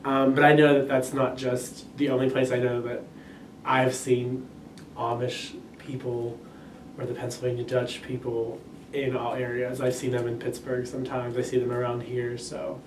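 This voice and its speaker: Flat-voiced young man, distant and roomy. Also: medium pitch, moderate pace. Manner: hesitant, lots of filler words. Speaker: interviewee. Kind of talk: casual interview answers. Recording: roomy echo, distant mic, faint noise.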